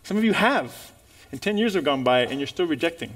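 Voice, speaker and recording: A man preaching a sermon in church, telling a story in an animated way and calling out to the congregation. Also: fairly high pitch, fairly quick.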